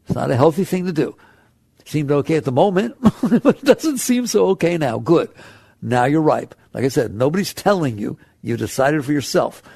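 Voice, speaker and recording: A man's voice: a little high, very animated, normal speed, vocal fry, warm tone, husky, dry recording. A man giving a spiritual talk to an audience, conversational, laughing often and asking rhetorical questions. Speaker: spiritual teacher.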